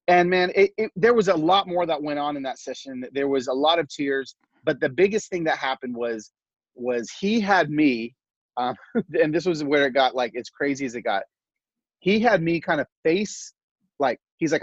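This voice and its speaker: A middle-aged man tells a personal story in an animated, heartfelt, casual way, stumbling over fillers. His voice is husky and sits a little high. The recording is dry and slightly dull. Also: normal speed, no echo. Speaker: podcast guest.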